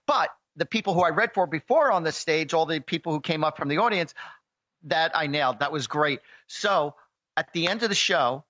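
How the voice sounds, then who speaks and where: A man co-hosting a radio call-in show, chatting casually and telling stories with lively exclamations. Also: fairly high pitch, normal speed, dry recording, highs cut off. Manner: animated storyteller, exclaims often. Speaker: radio show co-host, psychic reader.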